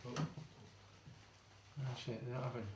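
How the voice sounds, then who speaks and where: A man's voice: mid-range voice, level tone, measured pace, noisy background. A middle-aged man with a Sheffield accent, performing close-up magic for a live audience, self-mocking, chatty, laughing often. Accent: Sheffield English. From England. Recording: echoey room, mic from a distance. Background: audience laughter and clapping.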